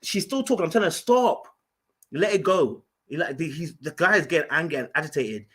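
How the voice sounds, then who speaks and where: A man from Ghana, telling an animated story in casual podcast chat, full of fillers and restarts. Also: on the high side, quick pace, slightly rough. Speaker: podcast guest.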